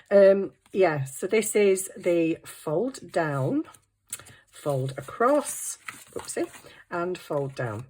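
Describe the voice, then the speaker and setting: A woman's voice: fairly low pitch, husky. A middle-aged woman, chatting to herself while crafting in a casual vlog, flustered and apologetic. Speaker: craft channel host.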